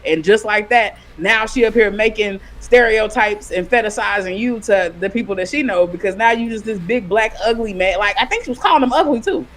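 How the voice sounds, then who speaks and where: A podcast co-host in casual commentary chat, animated and fond of acting out what other people said. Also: mid-range voice, fairly quick, hardly any pauses. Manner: animated, acts out quoted people.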